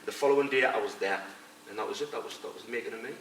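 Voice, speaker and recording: A middle-aged man with a lowish voice talks rapid-fire through blunt fight stories, acting out other people's words in this casual storytelling interview. Retired from fighting and now a coach, he's captured by a distant mic in an echoey space with faint noise.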